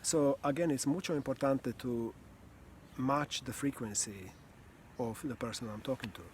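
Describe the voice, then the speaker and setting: Animated man coaching on communication. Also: medium pitch, normal speed, slight background noise. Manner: animated, demonstrates voices, drops to soft near-whisper. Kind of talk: casual teaching talk.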